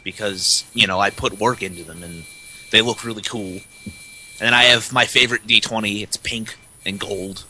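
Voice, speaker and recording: Bright, chatty podcast man. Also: lowish voice, steady tone, normal speed, a little hiss or hum, rough recording. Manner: talkative, many "like" fillers. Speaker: podcast co-host. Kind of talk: casual chat.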